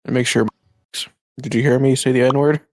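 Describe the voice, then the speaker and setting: A man with a steady, slightly mellow medium-pitched voice talks at a moderate pace as co-host and editor of a casual podcast. On a voice call through a home mic, he rambles, curses freely, and often trails off and restarts. The sound is dry.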